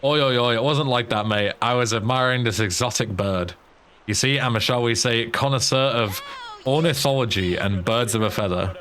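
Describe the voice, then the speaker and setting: A man's voice: mid-range voice, normal speed, fairly bright tone, slight background noise, close to an everyday voice. A man voicing a cocky London wide-boy hustler with a put-on Cockney accent and chirpy slang patter. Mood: cheeky.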